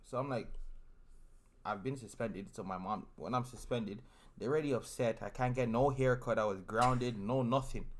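A young man in a casual chat, telling a story in a low-key, mumbled way. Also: moderate pace.

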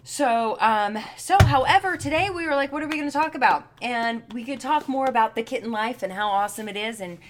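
A woman's voice: a little high, fairly quick, hardly any pauses, background noise. Casting: chatty woman podcast co-host, laughs easily, trails off mid-sentence. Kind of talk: casual chat.

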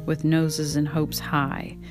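A woman reading a memoir aloud at home in an unhurried way and pausing to add her own casual remarks. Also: low voice, completely flat delivery. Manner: unhurried reading, breaks off to talk to her pet. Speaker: reader and podcaster. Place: home, indoors. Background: guitar music.

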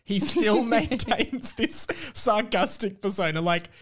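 A woman's voice: mid-range voice, slow. A young woman hosting a comedy podcast, giving wry commentary and laughing often. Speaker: podcast host. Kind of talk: comedic casual chat.

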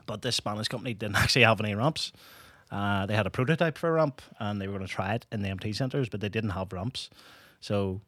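A podcast co-host talking through a long explanation, dropping in "aye". His voice sits low and the sound is dry and close. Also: quick pace, hardly any pauses, a bit bright, no echo. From Northern Ireland. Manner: explains at length, says "aye". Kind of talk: casual chat.

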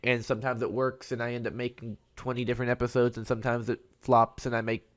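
A man's voice: medium pitch, flat delivery, fast. A man hosting his own podcast, talking alone in a rambling, conversational way. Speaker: podcast host. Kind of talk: casual solo podcast monologue.

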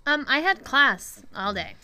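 A woman's voice: high-pitched, sing-song, a little slow, sharp tone, clear, resonant tone. A young woman chatting playfully as a podcast co-host. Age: young adult. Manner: playful, laughs easily. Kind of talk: casual chat.

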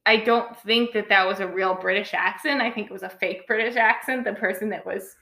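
A woman talks casually about films and rambles, full of "like" and restarts. Her voice is bright and clear. The room has a noticeable echo. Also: mid-range voice, fairly even intonation, fairly quick. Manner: rambling, many likes and restarts. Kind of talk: casual film review chat.

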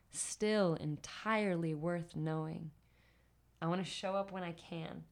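A woman poet on a podcast, her voice sitting slightly low. She talks with eager enthusiasm and performs her spoken word lines with strong rhythm. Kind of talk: casual chat and spoken word poetry reading.

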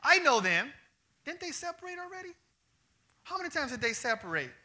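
A man's voice: very high-pitched, sing-song, fairly quick, pushed and bright, full character voice. A man playing a nosy, smug gossip who digs up other people's failures in mocking questions. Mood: gossipy. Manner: sneering, mock-surprised questions.

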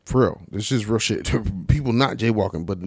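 A young man from California casually telling a story, animated and laughing, heavy on slang and swearing. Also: fairly low pitch, normal speed, husky, no echo, clean studio sound. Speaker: vlogger.

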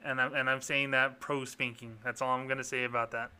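A man's voice: medium pitch, flat delivery, fairly quick, bright, forceful tone, smooth. A man hosting a podcast in a blunt, sarcastic, profane ranting style. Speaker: podcast host.

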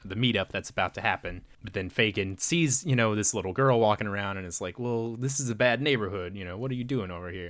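A man casually recapping a movie plot, rambling with many fillers and quick voiced quotes. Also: lowish voice, a bit bright, no room sound. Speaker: podcast co-host.

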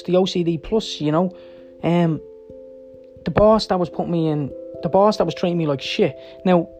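A man's voice: on the high side, darkish tone. A man, telling a personal story in a candid, rambling, profane way and checking in with his listener often. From Ireland. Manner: candid, rambling and profane, with frequent "yeah?" and "right?".

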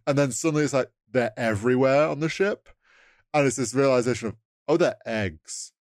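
A man's voice: mid-range voice, fast, dry recording, studio quality. A man co-hosting a podcast, casually retelling film scenes with acted-out lines and laughs. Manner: rambling, acts out scenes with quoted lines, laughs often. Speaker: podcast co-host. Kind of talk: casual film review chat.

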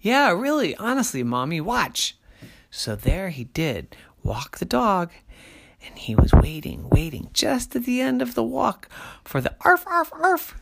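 A storyteller telling a children's story in a slow, sing-song way, dropping to soft asides. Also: mid-range voice, animated, vocal fry.

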